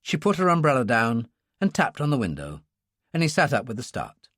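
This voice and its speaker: A man narrating a thriller audiobook in a measured, expressive way. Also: medium pitch, no room sound, clean studio sound. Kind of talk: scripted narration.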